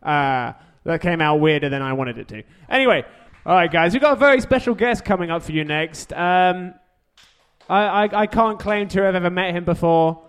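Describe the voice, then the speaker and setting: A man's voice: high voice, normal speed, smooth. A man hosting a live podcast show, rambling with awkward humor and filler words. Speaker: podcast host.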